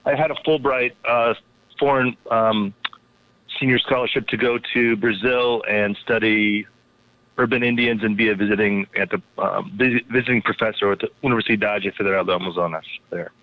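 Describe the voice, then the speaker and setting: Speaking as an interview guest over a tinny phone line, a man who is an anthropologist and poet talks casually, rambling with many fillers and restarts. His voice is lowish, steady in tone, and brisk.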